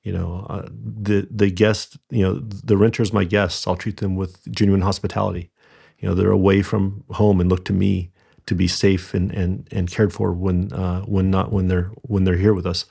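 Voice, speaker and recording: A middle-aged man, a podcast guest, telling stories from his business in a halting way with many fillers and restarts. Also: low-pitched, flat delivery, vocal fry, dark tone, husky. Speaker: podcast guest, rental company founder. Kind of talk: conversational storytelling interview.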